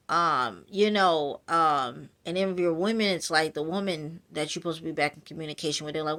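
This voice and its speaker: A woman's voice: sits low, brisk, hardly any pauses, fairly bright tone. A woman reading a casual prophetic message of encouragement, chatty and full of fillers, addressing her listeners directly. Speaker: spiritual message reader.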